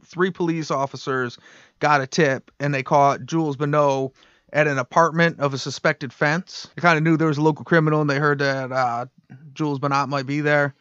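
A man's voice: a little high, fairly even intonation, normal speed, fairly bright tone, clear, resonant tone, no echo. Laid-back man telling a story, lo-fi. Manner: laid-back, laughs often, swears casually. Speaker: podcast co-host, story narrator. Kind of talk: casual storytelling chat.

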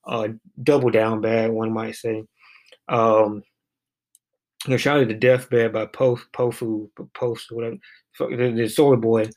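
A man's voice: mid-range voice, flat delivery, measured pace, a little mellow. A man giving a casual, rambling commentary on poems, full of fillers and restarts. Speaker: poetry reading vlogger.

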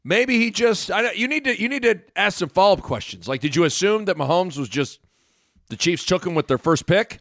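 A man in his thirties co-hosting a podcast, animated, retelling conversations in a casual chat. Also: high voice, brisk, creaky, no room sound, clean studio sound. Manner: animated, quotes people in dialogue. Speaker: podcast co-host.

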